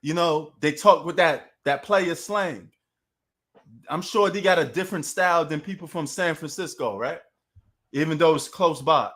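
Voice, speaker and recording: On a sports live stream, a man with a New York accent chats at a moderate pace in a fairly high, slightly bright voice. His loose, animated talk leans on street slang as he addresses viewers in the chat.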